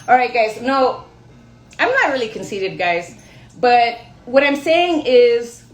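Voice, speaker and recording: A woman's voice: sits high, echoey room. A young woman telling a rambling personal story to her viewers in a chatty, self-mocking way. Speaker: storyteller vlogger. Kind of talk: casual storytelling to camera.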